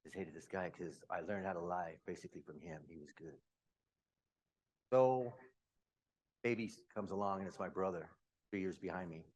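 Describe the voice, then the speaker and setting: Lower-voiced man telling his life story. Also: a little mellow. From Utah. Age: 50s. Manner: candid storytelling with quick asides. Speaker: speaker. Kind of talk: personal story talk.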